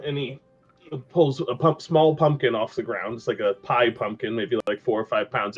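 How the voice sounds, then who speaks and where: A man's voice: mid-range voice, flat delivery, moderate pace, husky, soft background music. Man, game master narration, descriptive, slightly dull lo-fi audio. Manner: descriptive, with fillers.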